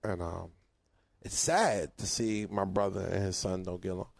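A man co-hosting a podcast in casual chat, an animated storyteller who acts out his relatives' lines. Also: sits low, moderate pace, creaky, dry recording. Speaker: podcast co-host.

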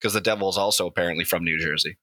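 A man with a fairly low but very bright, sharp voice, improvising a crude comic story on a podcast. He rambles and swears freely. The sound is close-miked and dry. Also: racing, no echo.

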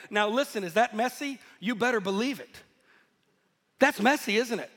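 A man preaching a sermon, telling stories in a lively, animated way and laughing at himself now and then. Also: sits high, brisk. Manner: storytelling, animated, self-deprecating laughs. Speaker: pastor. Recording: echoey hall.

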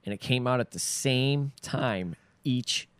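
A man with an average-pitched voice talks about a film in a loose, casual way. He swears and says "dude" often. The recording is dry and close. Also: slow, smooth, dry recording. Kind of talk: casual movie recap chat.

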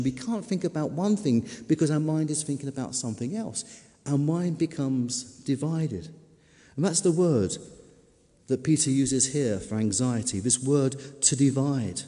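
A male preacher delivers an emphatic sermon, dwelling on key words and repeating them slowly. His voice sits a little high for a man yet sounds mellow and dark. The long reverb of a large hall trails behind every phrase.

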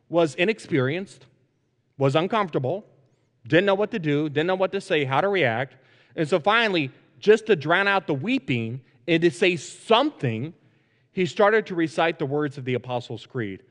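Pastor preaching in a reverberant sanctuary. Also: male voice, fairly high pitch. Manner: repetitive, measured, frequent "uh" fillers. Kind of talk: sermon. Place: church sanctuary. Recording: long reverb in a large sanctuary.

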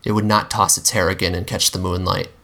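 Male reader, low and bright, measured dramatic storytelling. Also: little pitch movement, creaky. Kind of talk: dramatic first-person story reading.

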